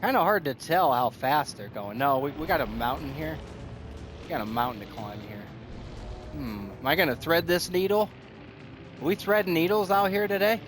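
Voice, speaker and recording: This gaming streamer's voice sits on the high side as he gives excited, casual commentary over his own play. He's out of breath, laughs frequently and talks to himself as the action shifts.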